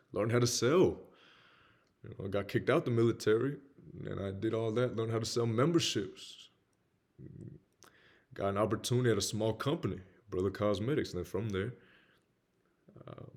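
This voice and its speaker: A man's voice: on the low side, creaky, a little mellow. A young man with a Southern US accent giving a blunt, candid motivational talk about his own life. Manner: blunt, slangy, peppered with "man". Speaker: motivational speaker.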